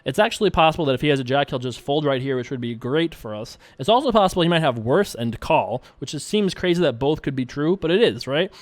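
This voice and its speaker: A man's voice: medium pitch, no echo. Chatty man commentating poker. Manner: chatty, thinks out loud, playful asides. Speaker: poker streamer and show host. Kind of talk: casual commentary while playing online poker.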